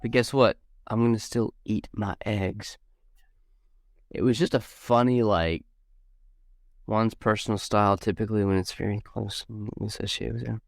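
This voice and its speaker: A man's voice: fairly low pitch, fairly even intonation, moderate pace, no room sound, studio quality. A man co-hosting a casual group podcast, rambling and restarting often as he explains things over a video call. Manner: rambling, restarts a lot while reading. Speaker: podcast co-host.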